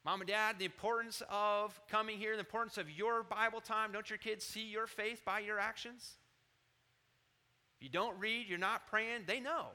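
Bright, high-voiced preaching man. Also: moderate pace. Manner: animated preaching, rising loud on quotes and dropping low to confide. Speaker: pastor. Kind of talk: sermon.

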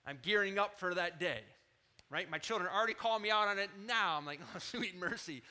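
A man in his thirties preaching a sermon as pastor, animated, rising loud on scripture quotes and dropping low to confide. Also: a little fast, clean tone.

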